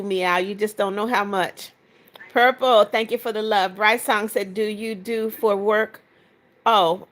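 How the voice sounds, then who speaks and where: A woman's voice: on the high side, fairly bright tone. Chatty woman streamer greeting viewers. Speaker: livestream host. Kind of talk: casual livestream chat reading comments aloud.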